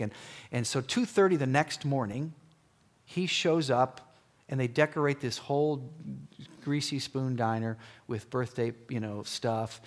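A man preaching a sermon in church, retelling a story in an animated way that swings between loud and hushed. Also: mid-range voice, brisk.

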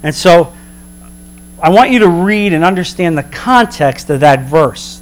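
A man preaching a sermon as a pastor, emphatic, slowing down for dramatic weight. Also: on the high side, animated.

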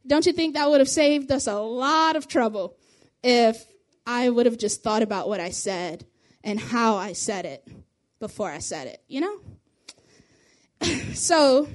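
This young youth group leader speaks her testimony casually and fast, laughing lightly between phrases. Her voice is a little high and darkish in tone.

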